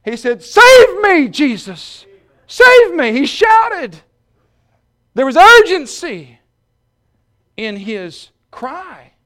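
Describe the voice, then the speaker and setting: A preacher man with a high voice that leaps around. He drops to quiet, self-mocking asides, then builds to shouted peaks. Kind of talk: sermon.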